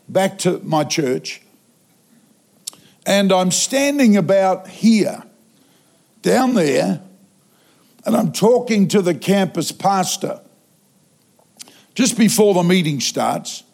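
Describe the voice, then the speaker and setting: A man preaching in a church auditorium, telling a funny story with animated delivery and sudden loud outbursts. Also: high-pitched, slow pace, gravelly, pauses often. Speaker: traveling preacher. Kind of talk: sermon.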